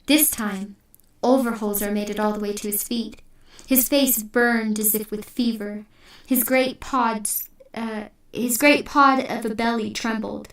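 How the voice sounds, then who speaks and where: A woman's voice: fairly high pitch, fairly even intonation, a little slow. Woman narrating in an echoey room. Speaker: audiobook reader. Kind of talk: audiobook narration. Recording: echoey room, distant mic.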